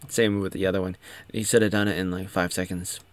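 A man's voice: sits low, flat delivery, fast, no echo. A man giving casual, sarcastic commentary, rambling with many restarts. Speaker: show recap commentator.

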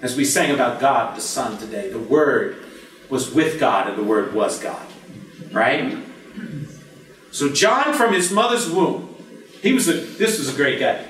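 A man preaching a lively, conversational sermon as pastor, joking with the congregation and breaking into shouts. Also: medium pitch, unhurried, pauses often, far from the mic. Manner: animated, jokey, bursts into shouts. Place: church sanctuary. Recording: echoey church from the back.

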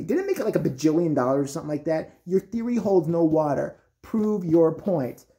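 Profane ranting man, lively pitch. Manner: profane, sarcastic and combative. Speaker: vlogger. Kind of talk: angry ranting commentary.

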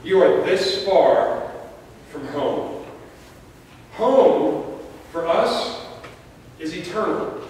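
A man preaching a sermon, his slightly high voice carried by a long church reverb. He tells stories and jokes with dramatic pauses, heard from a distance with faint room noise behind him. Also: animated, a little mellow. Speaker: pastor. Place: church sanctuary. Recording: echoey church hall from far off, faint noise.

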